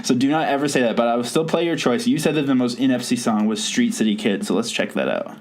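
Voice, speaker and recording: A man's voice: mid-range voice, fast talker. A man hosting a podcast in casual chat, rambling and laughing at his own stories. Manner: rambling, self-amused, laughs often. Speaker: podcast host.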